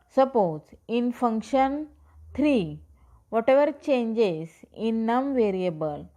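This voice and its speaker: A woman's voice: on the high side, mellow. Woman teaching a lesson. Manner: repeats points, asks "okay?" and "understood, student?". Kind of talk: classroom lecture.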